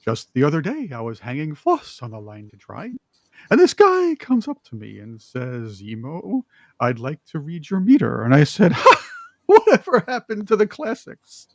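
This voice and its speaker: A man doing an impression of a quirky male comedian, telling a joke in a high, halting, drawn-out voice. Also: huge pitch swings, no echo, full character voice. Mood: deadpan absurd.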